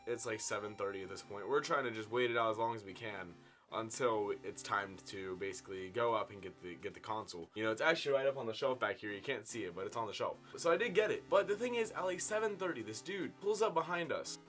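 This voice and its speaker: A man in his twenties tells a casual story-time tale to his viewers, with big swings in loudness and pitch. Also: animated, fast, faint music behind. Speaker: vlogger telling a story. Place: indoor room at home.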